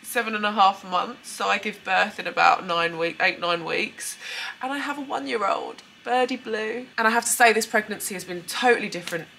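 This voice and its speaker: A young British woman talks openly to her camera at home, emotional and sniffly from tears but steering herself back to a chatty, upbeat tone. Her voice is bright and clear, with faint room noise behind her. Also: mid-range voice, brisk. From United Kingdom. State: tearful, runny nose. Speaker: beauty vlogger. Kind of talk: casual chat to camera. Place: at home, indoors.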